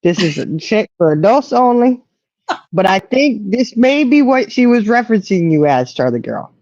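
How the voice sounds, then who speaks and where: A woman hosts a relaxed livestream chat, teasing and laughing as she goes. Her pitch swings widely and stays lively. The sound is dry and a bit dull, like a modest home mic. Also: moderate pace, no echo. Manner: playful teasing, laughing often. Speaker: livestream host. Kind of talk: casual chat reading viewer comments.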